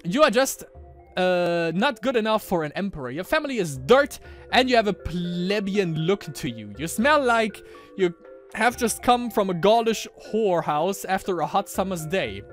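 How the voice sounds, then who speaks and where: A man's voice: high voice, very animated, moderate pace, soft background music. A man voicing a haughty young Roman emperor with grandiose, theatrical delivery, reading game lines aloud.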